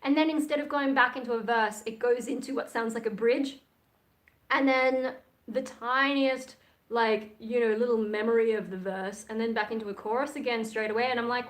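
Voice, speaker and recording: A woman's voice: a little high, normal speed, fairly bright tone. A woman, chatting casually and frankly on a livestream, rambling from one thought to the next. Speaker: livestream host and metal singer.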